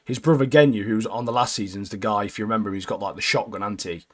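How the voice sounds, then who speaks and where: Chatty man saying "mate" a lot. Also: fast talker. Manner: animated, keeps adding "mate", jumps into high squeaky voices when quoting characters. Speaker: podcast co-host. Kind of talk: casual anime recap chat.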